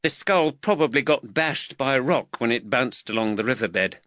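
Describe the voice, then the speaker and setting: A jittery young student reciting anatomy to his stern teacher, as a man voices him. The bright, lively voice sits close and dry. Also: medium pitch, moderate pace, no echo, voice pushed up, lightly acted. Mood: earnest. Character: nervous young male medical student.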